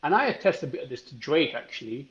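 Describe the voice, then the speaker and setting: A man's voice: medium pitch, sing-song, quick pace, fairly bright tone, highs cut off. A British man co-hosting a podcast, telling anecdotes in casual chat and swearing freely. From Britain. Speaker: podcast co-host.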